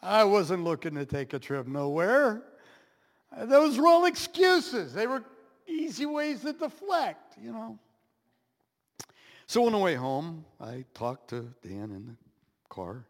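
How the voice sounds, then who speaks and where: A high-voiced man preaching with lively swings of pitch, telling a story with dramatic pauses. His voice rings through a church hall with a long, echoing reverb. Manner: animated storyteller, dramatic pauses and sound effects. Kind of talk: sermon storytelling.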